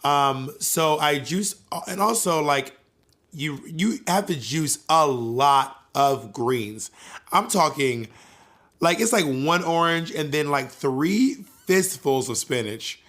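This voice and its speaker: A man co-hosting a podcast, chatting casually and telling stories in an animated, playful way, swearing freely. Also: a little high, slow pace. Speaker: podcast co-host. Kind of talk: casual chat.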